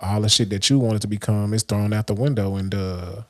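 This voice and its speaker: A man's voice: fairly low pitch, fairly even intonation, brisk, darkish tone. Guy hosting a live stream, rambly pep talk, lots of restarts. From Dallas, Texas. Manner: loose and rambling, many restarts and fillers. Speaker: livestream host. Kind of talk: casual motivational monologue.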